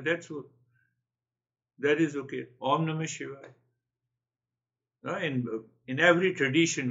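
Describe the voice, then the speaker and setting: A man's voice: mid-range voice, bright, forceful tone, highs cut off. A man giving a spiritual talk, earnest and repeating his key phrases. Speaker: spiritual teacher.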